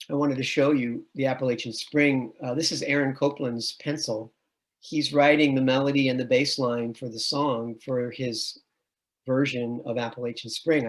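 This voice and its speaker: A middle-aged man, a music education professor, presenting an online admissions webinar and patiently explaining with sung and chanted examples. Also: mid-range voice.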